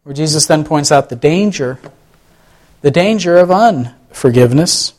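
A man's voice: a little high, animated, measured pace, darkish tone. A man giving a conversational sermon, asking the listeners rhetorical questions and often restarting his phrases. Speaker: pastor.

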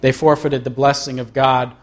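A man preaching a sermon as pastor, reading aloud from a book and slowing down to stress key words. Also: mid-range voice, level tone. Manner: earnest, slows down for emphasis.

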